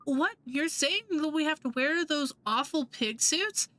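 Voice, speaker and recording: A woman's voice: high voice, expressive, unhurried, a bit bright, dry recording. Woman reading a fussy outspoken young girl. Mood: indignant.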